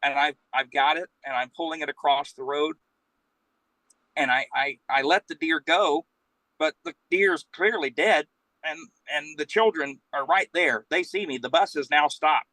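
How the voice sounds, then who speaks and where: Man, animated storytelling, bright tone, dry sound. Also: a little high, normal speed, no echo, low-quality recording. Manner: rambling, animated storytelling with acted-out quotes. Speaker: guest storyteller, professional Santa. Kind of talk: casual anecdote telling.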